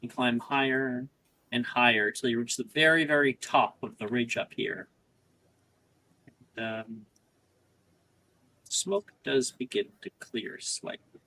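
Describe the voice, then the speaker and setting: A man narrating as game master of a tabletop game in a relaxed, chatty way with many fillers. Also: mid-range voice, slow, long pauses, dry recording, low-quality recording.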